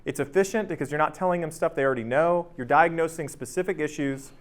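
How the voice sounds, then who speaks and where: A man's voice: fairly high pitch, fast. A man in his thirties leading a workplace training session in a casual, conversational way, often checking in with "right?". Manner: conversational, keeps asking "right?"; energetic, acts out anecdotes. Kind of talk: casual workshop talk.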